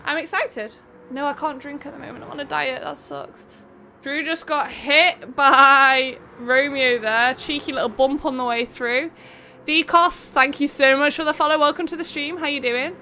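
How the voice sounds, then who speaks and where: A woman from England, speaking with an English accent, hosts an online racing event live on stream over slight background noise. Her high voice sounds bright and forceful as she chats, commentates quickly on the race, and greets viewers by name.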